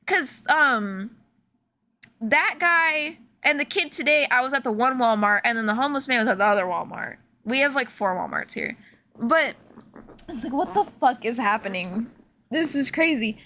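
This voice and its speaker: A young woman from Illinois, a streamer telling stories in casual, animated chat full of fillers while she plays a game. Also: high-pitched, moderate pace. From Illinois, USA. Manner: animated, chatty, filler-heavy, laughs often. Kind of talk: casual storytelling while gaming.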